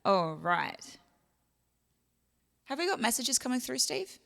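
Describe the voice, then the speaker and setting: An Australian woman casually chatting to her livestream viewers as the singer hosting the show, warmly thanking tippers by name. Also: a little high, sing-song, slow pace, vocal fry. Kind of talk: casual chat to online viewers. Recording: long reverb with instrument music.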